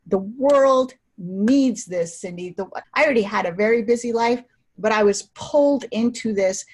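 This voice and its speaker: A woman talks as an interview guest in an excited, breathless rush, restarting her sentences and laughing when she gets carried away. Her voice has a husky edge. She keeps the pitch of an ordinary woman's speaking voice. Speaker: interview guest, wellness practitioner. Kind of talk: enthusiastic interview talk.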